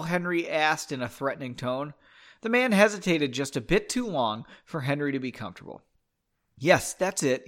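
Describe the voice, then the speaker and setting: A man's voice: medium pitch, fairly bright tone. A man reading his own book aloud, with casual joking asides while sipping a drink.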